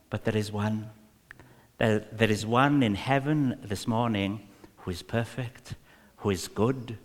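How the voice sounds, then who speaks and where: A man's voice: mid-range voice, big-room sound. A man with a Welsh accent preaching a sermon, emphatic and repetitive with many fillers.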